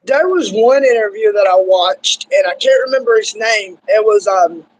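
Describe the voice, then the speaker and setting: A man's voice: high-pitched, normal speed, poor audio. A young man from Kentucky with a Southern accent, hosting a casual interview and rambling loosely with lots of "like" and "y'all". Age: young adult. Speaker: interviewer, show host.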